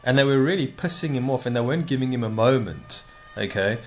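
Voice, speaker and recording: A man's voice: mid-range voice, animated, fairly quick. A man casually telling a long personal anecdote, rambling and correcting himself with frequent asides. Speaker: storyteller.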